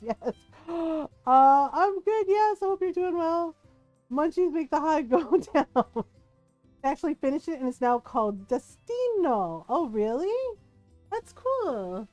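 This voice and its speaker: A woman's voice: high-pitched, lively intonation, slow, a little mellow, no echo, faint music behind. A woman livestreaming a game, casually telling a story to her chat, giggling often and acting out the voices of the people she quotes. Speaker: livestream gamer.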